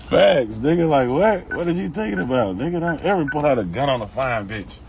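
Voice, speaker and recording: A man's voice: fairly high pitch, expressive, brisk, vocal fry. A middle-aged man with a Houston accent ranting bluntly and profanely on a phone livestream. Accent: Southern US, Houston. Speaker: livestream host. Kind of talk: casual livestream rant. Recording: faint background noise.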